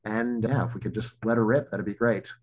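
A man's voice: lowish voice, steady tone, a little fast. A middle-aged man, an economist guest, talking casually in an interview with many restarts and fillers.

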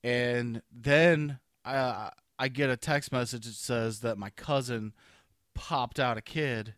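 A man's voice: medium pitch, fairly even intonation, takes it slowly, no room sound, clean studio sound. Crude joking man co-hosting a podcast. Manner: crude, joking, loud bursts of laughter. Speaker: podcast co-host. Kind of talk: casual podcast banter.

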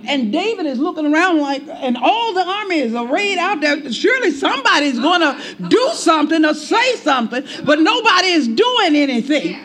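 Animated male preacher, high bright voice, folksy sermon storyteller with shouts. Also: normal speed, hardly any pauses. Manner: animated, shouting at times, laughing asides.

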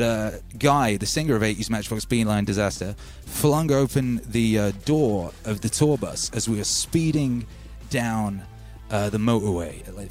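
A man with a British accent hosting a music stream, telling stories in a rambling, casual way full of "you know". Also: medium pitch. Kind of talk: casual storytelling.

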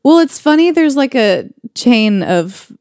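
A young adult woman co-hosting a podcast, telling stories with lively acted-out quotes. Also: high voice, measured pace, dry recording, clean studio sound. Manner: animated storyteller, acts out quotes. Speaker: podcast co-host. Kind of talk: casual chat.

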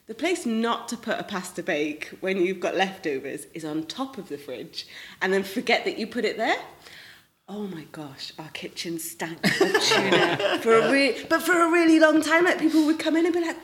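A woman from Manchester chatting casually on a podcast, telling quick animated stories, recorded in a church hall. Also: a little high. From Manchester, England. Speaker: podcast co-host.

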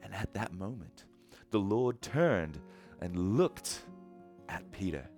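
A man's voice: low-pitched, expressive, takes it slowly, a little mellow, soft background music. A man preaching a casual sermon, retelling a story and acting out the characters' lines in a conversational way. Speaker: pastor.

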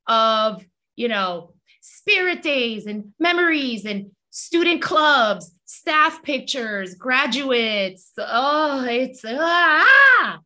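Female co-host, teacher; bright tone, slow animated delivery. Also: mid-range voice. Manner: slow, expressive, laughs often. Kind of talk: casual chat.

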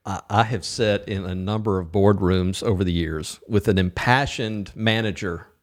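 A man co-hosting a business podcast, chatting casually in a joking, animated way. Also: low-pitched, moderate pace. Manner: animated, jokey, with filler restarts. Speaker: podcast co-host. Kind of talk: casual chat.

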